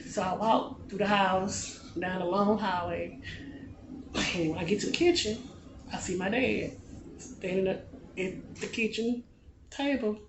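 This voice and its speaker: A man in his late twenties telling a personal story to his vlog audience in a relaxed, conversational way, often dropping into a soft, low-key delivery. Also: unhurried, long pauses. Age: late 20s. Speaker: vlogger. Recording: echoey room with loud background noise.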